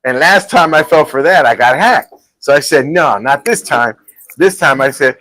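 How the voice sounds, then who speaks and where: A man's voice: on the high side, expressive, moderate pace, bright, forceful tone, poor audio. A man hosting a live talk show from a restaurant, telling rambling stories and laughing often. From Texas. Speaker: show host.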